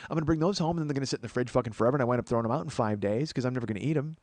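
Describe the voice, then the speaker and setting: Comedian guy ranting fast, lots of swearing, makes fun of himself, dry close sound. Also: medium pitch, a little mellow, dry recording. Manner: profane, ranting, self-mocking; addresses listeners as "folks". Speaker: podcast host and comedian. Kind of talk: comedic monologue.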